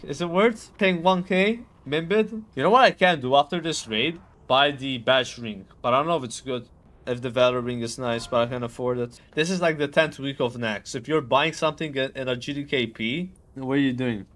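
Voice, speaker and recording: A man's voice: mid-range voice, normal speed, fairly bright tone. A man streaming a raid, chatting casually, swearing and saying bro all the time. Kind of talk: casual gaming chat.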